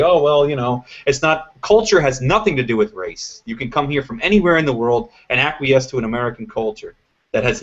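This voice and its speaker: On lo-fi web stream audio, the host of a live political panel show speaks with a medium pitch and a fairly bright tone. He comes across as emphatic and opinionated, and he tends to ramble.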